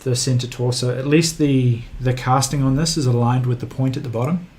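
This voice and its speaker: This man hosts a livestream in a New Zealand accent, joking at his own expense and chatting casually as he builds a model kit. His mid-range voice stays steady and a little mellow, and he talks briskly over clear background noise.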